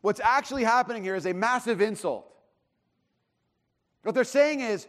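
A man preaching a sermon in a conversational, animated way, acting out the voices of the people in the story. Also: high-pitched, fast talker. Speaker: pastor.

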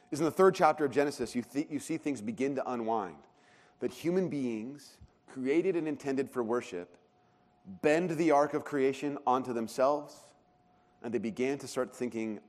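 Pastor preaching in a reverberant sanctuary. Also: male voice, medium pitch, lively intonation, brisk. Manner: conversational, self-deprecating storytelling. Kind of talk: sermon. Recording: long hall reverb.

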